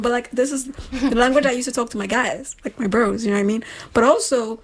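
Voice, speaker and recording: A young woman from Nigeria, chatting casually in a group, animated and laughing often. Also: fairly high pitch, moderate pace, slight background noise. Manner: animated, laughs often, says "bro" and "you know what I mean".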